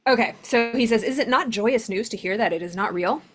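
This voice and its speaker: A woman's voice: on the high side, brisk, husky. A woman giving a casual spiritual lesson, talking loosely with lots of fillers and reading passages aloud. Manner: conversational, many "like" fillers, reads passages aloud. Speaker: spiritual teacher.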